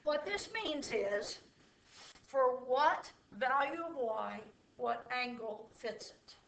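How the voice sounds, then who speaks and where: High-voiced woman teaching slowly. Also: expressive, creaky, fairly bright tone. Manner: slow, checking in with students often. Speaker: math teacher. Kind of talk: classroom lecture. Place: classroom. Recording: echoey room from far off.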